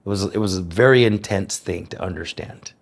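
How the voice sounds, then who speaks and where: An American man telling his personal story in an interview, speaking in a reflective, earnest way with careful, clear enunciation. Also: low-pitched, brisk. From United States.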